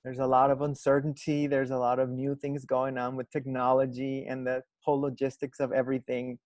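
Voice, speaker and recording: A man's voice: medium pitch, monotone, brisk, darkish tone, no room sound. A man, a teacher, speaking earnestly in an online panel discussion. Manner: earnest, explanatory.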